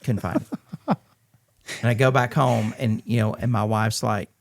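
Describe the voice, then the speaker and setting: A middle-aged man from Georgia in the US, telling his story as a podcast guest in an earnest, halting way with many restarts. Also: on the low side, steady tone, gravelly. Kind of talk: candid conversational storytelling.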